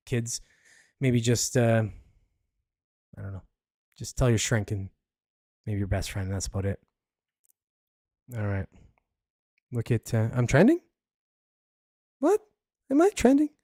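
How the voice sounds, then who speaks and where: A man's voice: fairly low pitch, darkish tone, no echo. Man, solo podcast host, loose blunt rambling, dry close sound. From Canada. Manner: rambling, blunt, many fillers. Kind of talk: casual solo commentary.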